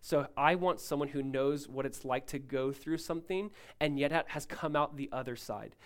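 A male pastor preaching a sermon, emphatic and rising loud, then dropping to a hushed tone, often asking listeners to follow along. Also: medium pitch, normal speed. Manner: asks the congregation to follow along.

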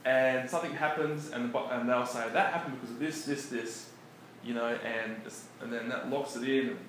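A man preaching in a relaxed, conversational way, often chuckling between his points. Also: mid-range voice, moderate pace. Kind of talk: conversational sermon. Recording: echoey room with faint background noise.

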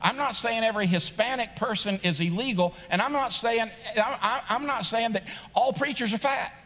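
A man's voice: extremely high pitch, moderate pace, fairly bright tone. A middle-aged man preaching a sermon as pastor, conversational and joking, building to emphatic rising points. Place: large church sanctuary. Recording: long reverb of a large church hall.

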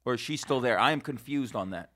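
A man's voice: mid-range voice, fast talker, fairly bright tone. A man hosting a casual podcast interview, blunt and joking, with a profane streak. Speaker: podcast host.

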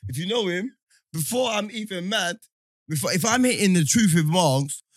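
A man's voice: high voice, expressive, normal speed, no echo, studio quality. A man, a podcast co-host arguing in heated casual banter, insistent and slangy. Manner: insistent, talks over others, slang-heavy.

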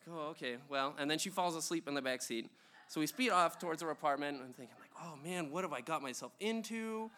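A man's voice: a little high, lively intonation, fast, pushed and bright. Rambling young man spinning a stage story. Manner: rambling, full of ums and uhs, chuckling. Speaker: storyteller at a live show. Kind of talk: live comedic storytelling.

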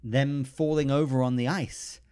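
A man's voice: mid-range voice, steady tone, a little slow, a little mellow, clear, resonant tone. A man hosting a podcast, going through film plots in an easy conversational way. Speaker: podcast host. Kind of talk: casual chat about movies.

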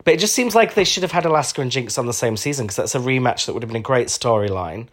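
A man's voice: mid-range voice, animated, quick pace. A man co-hosting a podcast, chatting casually and giving his opinions with plenty of fillers. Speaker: podcast co-host. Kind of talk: casual chat.

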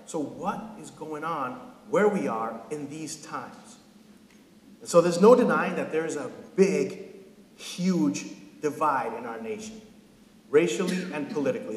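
A man in his thirties preaching a casual, joking sermon as a pastor, often checking in with his listeners. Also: fairly high pitch. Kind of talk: conversational sermon. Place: church sanctuary. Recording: echoey hall with long reverb.

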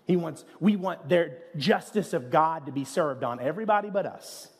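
A male pastor delivers a sermon in an earnest, conversational way and often turns to the listeners with asides. His voice sits somewhat high for a man. A long hall reverb trails his words. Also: animated, normal speed.

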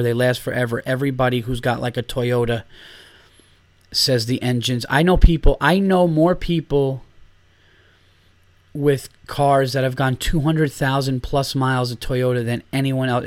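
A man, hosting a solo podcast and ranting, animated and profane, getting loud and high when worked up. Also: normal speed, dry recording. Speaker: podcast host.

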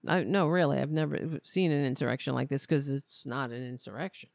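Sarcastic woman with a gravelly voice. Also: extremely low pitch, steady tone, a little fast, a little mellow, no room sound. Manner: sarcastic, mocking, profane. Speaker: podcast host. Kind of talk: sarcastic political commentary.

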